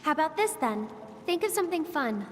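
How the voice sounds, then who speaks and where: A cheerful young woman, gentle and teasing, her voice high and lively in pitch. A long reverb trails each line, with game music clearly behind. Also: a little fast. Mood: playful. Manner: bright, playful reassurance.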